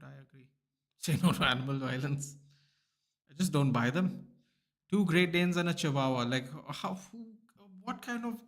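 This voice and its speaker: A young man, chatting casually to viewers during a live football watchalong stream. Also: mid-range voice. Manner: chatty, reacting aloud to chat, many restarts and "bro", "dude".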